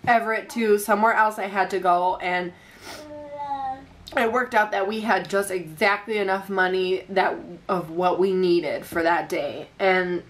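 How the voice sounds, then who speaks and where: A young woman speaks to her vlog audience from home in an earnest, heartfelt way. Her voice sits at a middle pitch for a woman. Her sentences ramble and run on. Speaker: mother vlogging about faith. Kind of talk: casual faith vlog. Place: at home with her baby son.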